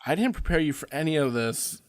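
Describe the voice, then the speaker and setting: A man's voice: on the high side, lively intonation, a little fast, no room sound, studio quality. Joking male podcast host. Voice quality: teasing, joking banter. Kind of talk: casual podcast chat.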